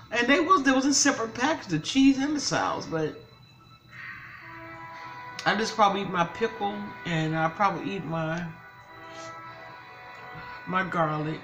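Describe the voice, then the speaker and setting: A woman's voice: mid-range voice, animated, unhurried, long pauses, over music, low-quality recording. An older woman and grandmother, talking casually to her viewers in a vlog, upset and pleading for advice. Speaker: mukbang vlogger.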